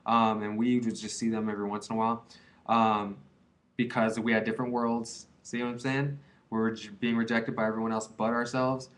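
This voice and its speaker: A man's voice: lowish voice, little pitch movement, fairly quick. A man in his twenties talking to camera in a casual, confessional way. He rambles and drops a lot of "dude", "man" and "like" as he goes. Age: 20s. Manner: rambling, slangy, many fillers like "dude" and "man". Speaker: vlogger giving advice on quitting.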